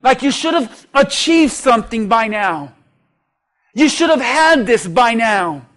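A man preaching a sermon as a pastor, in a very high voice. He takes his time with each phrase, delivering it with a slow, deliberate pace. His delivery is lively and humorous, and he often calls out to the congregation.

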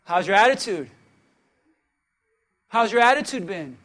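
A man with a strikingly high voice preaches a sermon from the pulpit. He pulls the congregation into call-and-response and swings between hushed asides and shouted peaks. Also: lively intonation, measured pace. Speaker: pastor.

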